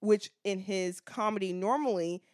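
Casting: American woman, podcast co-host, mid-pitch, chatty and thoughtful, filler-heavy. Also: normal speed, darkish tone. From United States. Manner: chatty, many "like" fillers, reflective. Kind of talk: casual chat.

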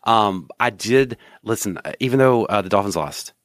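A man's voice: lowish voice, expressive, moderate pace, dry recording, studio quality. A man co-hosting a sports podcast, joking and rambling in casual chat. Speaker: podcast co-host.

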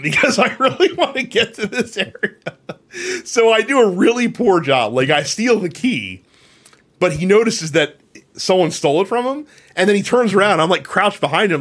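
A man co-hosting a gaming podcast, telling a long game story in a rambling, animated way, full of fillers and swearing. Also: fairly high pitch, normal speed. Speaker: podcast co-host. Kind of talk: casual chat.

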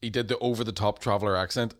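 A man's voice: fairly low pitch, steady tone, fast. A man with a Northern Irish accent, co-hosting a casual podcast as a comedian, swearing freely and laughing often. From Northern Ireland. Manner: swears freely, laughs, slips into movie-line impressions.

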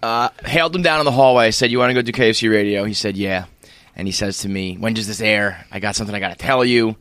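A man's voice: lowish voice, fast, a bit bright, dry recording. A man hosting a podcast, telling a story in casual, crude banter. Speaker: podcast host. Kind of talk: casual chat.

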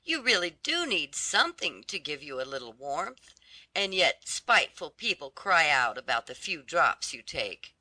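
A reader voicing a lame, gossipy old woman who chatters with pity and indignation in a storybook reading; the voice sits higher than the narration. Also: very animated, normal speed, pushed and bright, no room sound. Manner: sympathetic, scolding chatter.

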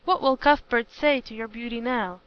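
A jealous, scheming young woman from a storybook, spiteful and quick to flare into shrill fury, as a woman narrator reads her. The voice sits fairly high. The sound is dull and lo-fi. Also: lightly acted. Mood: furious.

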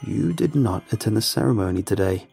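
A man's voice: fairly low pitch, expressive, a little fast, gravelly, dark tone, soft background music. A man doing a stern, hollow-voiced father. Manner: hissing, stern.

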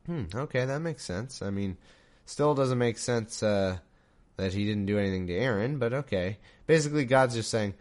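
A man's voice: medium pitch, animated, normal speed, a little mellow. A man reading scripture aloud and breaking off into wry, mock-incredulous comedic asides. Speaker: scripture reader and commentator. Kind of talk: comedic Bible reading with commentary.

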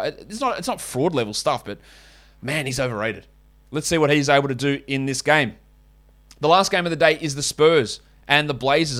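A man's voice: fairly high pitch, fairly bright tone. A man with an Australian accent hosting a podcast, giving casual, blunt and opinionated sports analysis and swearing now and then. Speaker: podcast host.

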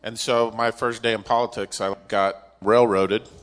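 Middle aged guy, lowish voice, chatty interview guest telling a story, pokes fun at himself. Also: moderate pace, clean tone, in a large hall. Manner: self-deprecating, animated when recounting dialogue. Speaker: interview guest, company executive. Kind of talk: conversational storytelling.

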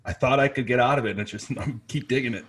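A man's voice: medium pitch, fast, husky. A man hosting a casual podcast, rambling and stammering while laughing at himself.

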